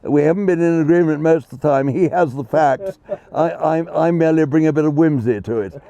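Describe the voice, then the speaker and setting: A man's voice: a little high, fairly quick, warm tone. A man giving chatty, self-deprecating live ball-by-ball cricket commentary. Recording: dull lo-fi sound.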